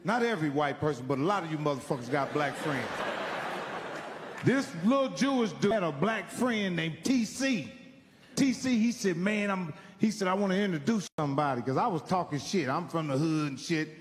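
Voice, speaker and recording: High-voiced profane man telling stand-up stories. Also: moderate pace, long reverb tail, a crowd in the background. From Indiana, United States. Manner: profane, animated, acts out characters' voices. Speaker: stand-up comedian. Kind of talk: stand-up storytelling.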